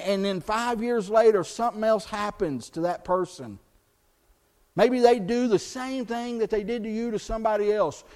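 A male pastor delivers a sermon to his congregation. His voice sits high for a man. He presses points with rising emphasis, then drops soft and low to let them land. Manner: earnest, rises in pitch and volume for emphasis, drops low and soft on key points. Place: church.

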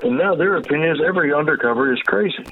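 An older man, a retired undercover agent, talking casually and emphatically, agitated and swearing, with sudden high bursts. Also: lively intonation, rapid-fire, muffled recording, slight background noise. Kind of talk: casual conversation.

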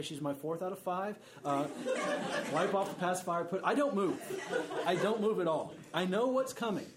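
A man's voice: a little high, background noise. A man in his thirties gives a sermon in a slightly raised voice, loose and conversational, breaking off for wry jokes. A faint room ambience sits under the recording. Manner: conversational, joking asides. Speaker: preacher.

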